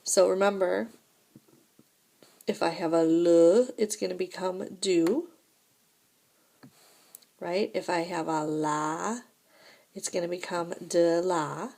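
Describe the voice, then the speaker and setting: A woman teaching a recorded French lesson at an unhurried pace, explaining each point patiently and checking in with "right?" and "okay?". Her voice sits somewhat low. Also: steady tone, creaky, a little mellow.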